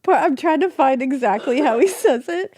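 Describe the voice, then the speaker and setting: A woman co-hosts a podcast in loose, casual chat. Her voice sits a bit high and swings widely as she gets animated. She swears freely. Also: normal speed. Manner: animated, profane, breaks into shrieking laughter. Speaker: podcast co-host.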